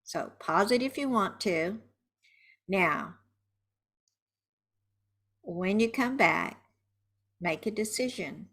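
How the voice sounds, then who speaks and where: Woman, tapping coach, guided session, slow unhurried delivery, bright tone. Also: mid-range voice, expressive. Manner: slow and soothing, shouting angry phrases for the viewer to repeat.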